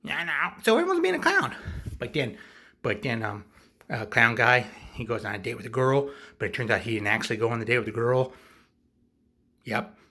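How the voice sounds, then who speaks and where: A man's voice: medium pitch, fairly even intonation, normal speed, long pauses, sharp tone, breathy edge. A man rambling casually through a comic movie recap, offhand and full of fillers. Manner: rambling, offhand, lots of likes and ums.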